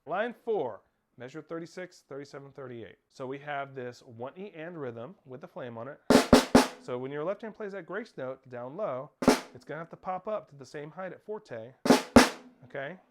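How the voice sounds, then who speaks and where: A man's voice: fairly high pitch, lively intonation, normal speed, loud music behind the voice. A man teaching a snare drum lesson, counting off and calling out rhythms and stickings. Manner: counts off and calls out rhythms, sometimes shouting over drums. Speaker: percussion teacher. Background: snare drumming.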